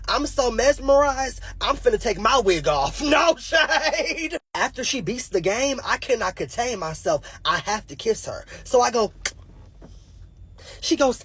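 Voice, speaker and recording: A man's voice: extremely high pitch, big pitch swings, slow pace, a bit bright, slightly rough. A man in his twenties telling a comic story from his childhood in a stand-up style, laughing at his own jokes and acting out the voices. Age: 20s. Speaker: comedian.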